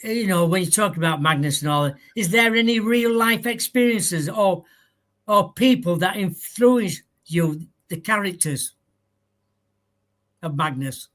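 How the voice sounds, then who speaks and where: High-voiced male host chiming in. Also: unhurried, a bit bright. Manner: brief encouraging interjections, polite questions. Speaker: radio show host. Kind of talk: casual interview chat. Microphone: video call.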